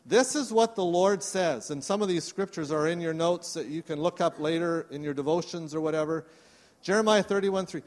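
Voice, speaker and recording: A man's voice: a little high, a little fast, hardly any pauses. Preaching man in a reverberant church. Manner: earnest, warm preaching with call-and-response. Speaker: pastor. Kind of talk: sermon. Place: church service. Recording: long reverb of a church hall.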